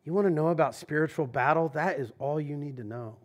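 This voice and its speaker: Man preaching in a church, fairly high voice, casual and emphatic, rising loud then dropping quiet. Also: a little fast. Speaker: pastor. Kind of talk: sermon. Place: church sanctuary.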